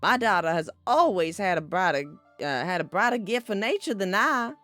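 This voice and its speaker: A woman voicing a polite, soft-spoken older mother with a put-on Southern accent while reading a game aloud. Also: mid-range voice, expressive, normal speed, no echo, faint music behind, close to an everyday voice. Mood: genteel. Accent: put-on American Southern. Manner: polite, gently concerned, lilting. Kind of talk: reading a visual novel aloud, doing voices.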